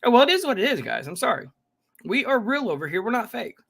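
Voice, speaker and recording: A man's voice: extremely high pitch, big pitch swings, fast talker, vocal fry, fairly bright tone. A man hosting a casual live reaction stream, chatting with viewers and greeting them by name, rambling with frequent self-interruptions. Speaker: livestream reaction host.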